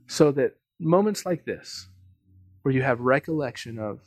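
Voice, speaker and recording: A man preaching as pastor, telling a story earnestly and swinging from emphatic lines to hushed ones. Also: medium pitch, expressive, measured pace, no room sound, clean studio sound, soft background music. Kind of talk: sermon. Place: church.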